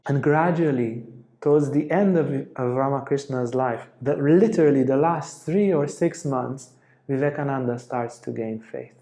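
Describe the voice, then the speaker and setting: A man giving a spiritual talk as a teacher, telling a story in an animated way and acting out the quotes. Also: medium pitch. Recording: echoey room.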